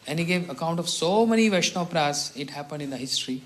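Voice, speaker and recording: Middle-aged man, a monk teacher, relaxed storytelling talk with frequent chuckles, slightly high pitch. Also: a little fast. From India. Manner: chuckles often, clears throat.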